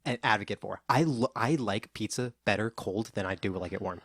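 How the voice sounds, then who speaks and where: A man's voice: on the low side, fairly quick, breathy edge, no echo, clean studio sound. A young man co-hosting a casual podcast chat, laid-back, swearing often and restarting his sentences. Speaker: podcast co-host.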